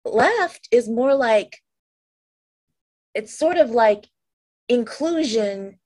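A woman's voice: a little high, expressive, extremely slow, darkish tone. A woman hosting an interview, agreeing with her guest and adding her own points enthusiastically. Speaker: host.

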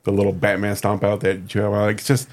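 A man's voice: fairly low pitch, completely flat delivery, fast. A man hosting and editing a podcast, talking in a casual, earnest and modest way. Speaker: podcast host and editor. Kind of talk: casual chat.

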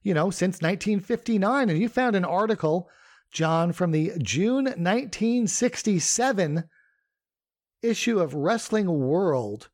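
A man's voice: sits high, lively intonation, a little slow. A man co-hosting a casual podcast, talking in a conversational way with many fillers and restarts. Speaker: podcast co-host. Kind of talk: casual podcast chat about wrestling history.

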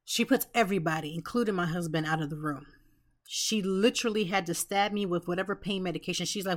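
A woman's voice: on the low side, fast. Earnest woman telling a personal story. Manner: earnest, emotional, with many restarts and asides. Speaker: podcast host.

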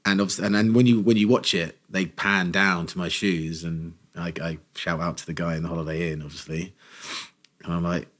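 A man co-hosting a podcast, telling a funny story in a casual, animated way and acting out quotes. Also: deep voice, normal speed. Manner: animated anecdote teller, acts out quotes.

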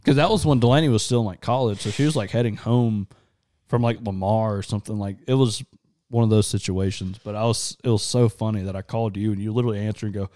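A man's voice: fairly low pitch, fairly even intonation, quick pace, dark tone. A man hosting a podcast, recounting a story in a chatty way, laughing often. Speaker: podcast host. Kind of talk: casual chat.

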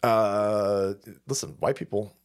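This livestream host speaks slowly in a fairly low, clean-toned voice. His commentary is profane and crude, full of laughter, rambling, and words said over and over.

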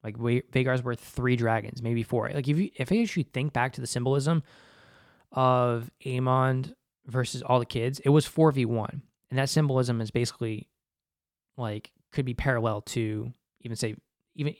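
Male TV reviewer, mid-pitched, dry close sound, loose and profane, rambling fillers. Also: no room sound. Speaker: TV episode reviewer. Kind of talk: casual spoken commentary.

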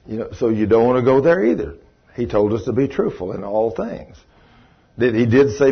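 A man's voice: medium pitch, very animated, moderate pace, gravelly, breathy edge, dull audio. A man preaching a sermon to a live congregation, telling folksy stories and asking the audience questions.

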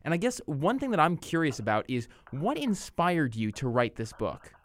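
A man's voice: fairly high pitch, huge pitch swings, moderate pace. A man hosting a podcast interview, introducing his guest and asking eager questions. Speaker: podcast host.

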